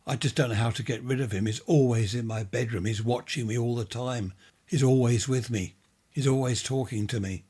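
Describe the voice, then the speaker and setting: A man's voice: mid-range voice, brisk, a little mellow, breathy edge, natural voice. A man reading a ghost story, voicing a frightened, tearful young woman who pleads through sobs. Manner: sobbing, pleading. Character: frightened teenage girl, tearful and desperate.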